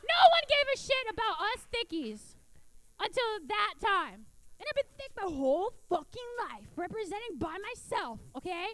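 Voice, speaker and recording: A woman's voice: extremely high pitch, big pitch swings, normal speed. A woman in her thirties from South Florida, doing a brash, profane stand-up set on a theater stage into a handheld mic. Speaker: stand-up comedian.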